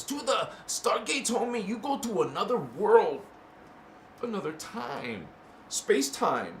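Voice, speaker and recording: A man hosting a casual spiritual talk to camera, playful and slangy, swinging between loud bursts and hushed murmurs and chanting made-up syllables. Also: high-pitched. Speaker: spiritual channel host. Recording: echoey room with faint ambient noise.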